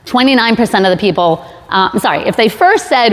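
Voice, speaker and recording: A woman's voice: fairly high pitch, fast talker, fairly bright tone. A woman giving a casual sales talk to a live audience, chatty and jokey with many fillers and restarts. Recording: long hall reverb.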